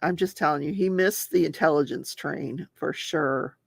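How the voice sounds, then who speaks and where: Older woman, low gravelly voice, dry close sound, chatty livestream host reading comments. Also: moderate pace, no echo. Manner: chatty, reads viewer comments aloud, laughs often. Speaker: host of a crafting and true-crime talk show. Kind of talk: casual livestream chat while crafting.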